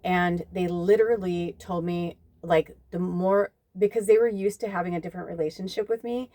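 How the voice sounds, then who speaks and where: Low, dark-voiced woman telling a story. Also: moderate pace, dry recording. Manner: emotional storytelling, swears freely, quotes others in lively voices. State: tearful, near crying. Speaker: psychic medium giving a tarot reading. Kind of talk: casual spoken reading to viewers.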